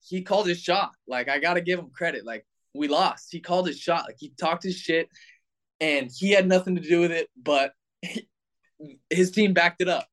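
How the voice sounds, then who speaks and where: A young baseball player in his twenties, his voice on the high side, tells a story at normal speed in a relaxed, animated style full of filler words.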